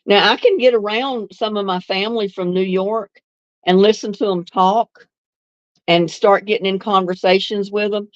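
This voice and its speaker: Speaking at a moderate pace with fairly even intonation, this medium-pitched woman sounds dry, with the highs cut off. She's an older livestream host from North Carolina, Southern with a hint of Northern, reminiscing, reading comments and laughing easily.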